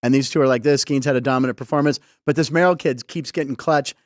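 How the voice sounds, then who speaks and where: A man's voice: medium pitch, quick pace, no echo, clean studio sound. A man hosting a casual sports comedy show, chatty and jumping between topics, laughing often. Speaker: host. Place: live studio show.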